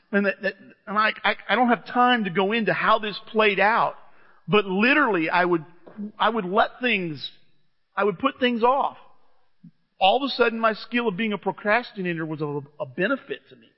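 Middle-aged guy preaching, high voice, chatty and excited, muffled churchy echo. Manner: conversational, enthusiastic storytelling. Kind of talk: sermon. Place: church hall. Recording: muffled church recording with long reverb.

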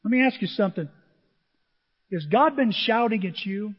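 Husky middle-aged male pastor, animated sermon delivery, dull recording with a long hall reverb. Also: high-pitched, normal speed. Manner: animated, shifts between shouting and near-whispers.

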